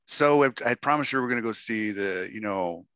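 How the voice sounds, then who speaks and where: A man's voice: lowish voice, fairly quick, sharp tone, clear, resonant tone, dry recording. A middle-aged man from Texas, telling a story to a workshop audience and acting out the quotes in raised voices. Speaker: guest speaker.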